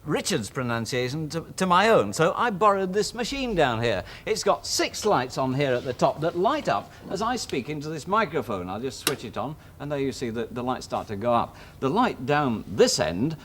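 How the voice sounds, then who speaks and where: A man's voice: on the high side, very animated, moderate pace, hardly any pauses, a bit bright, slight background noise. A man with a Yorkshire accent presenting a children's TV show, chatty and explaining things step by step.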